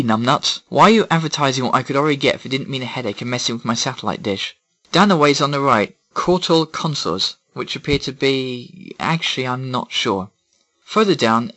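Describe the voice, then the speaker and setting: A man's voice: medium pitch, a bit bright, muffled recording. Sarcastic man reading a ranting monologue. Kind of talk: scripted opinion monologue.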